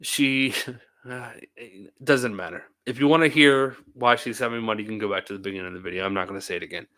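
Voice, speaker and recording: A man's voice: on the low side, quick pace, sharp tone. A tired man hosting a live stream, chatting in a rambling, talkative way and laughing often. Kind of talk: casual live-stream chat.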